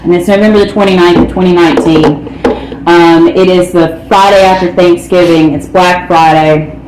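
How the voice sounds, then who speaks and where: A woman's voice: fairly low pitch, steady tone, normal speed, a little mellow. A woman giving a candid, blunt recovery testimony as a speaker, peppering her talk with "man" and "you know.". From North Carolina, United States. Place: meeting hall. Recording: echoey room with faint ambient noise.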